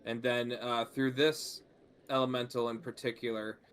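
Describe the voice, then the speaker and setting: A man narrating as game master in a tabletop game, relaxed and full of fillers. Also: mid-range voice, moderate pace, a little hiss or hum.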